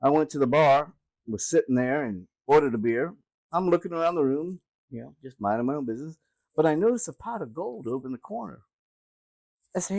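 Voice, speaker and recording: An older man hosting a comedy channel, telling dirty jokes in an animated way and laughing at his own punchlines. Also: a little high, fast talker, low-quality recording. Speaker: joke-telling host. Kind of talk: casual joke telling.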